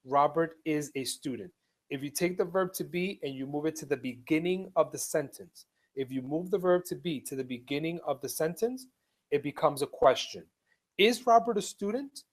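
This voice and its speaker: A man teaching English in a live online class, speaking slowly and patiently, repeating each step and reading example sentences aloud with clear stress. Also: on the high side. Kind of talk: live online ESL lesson.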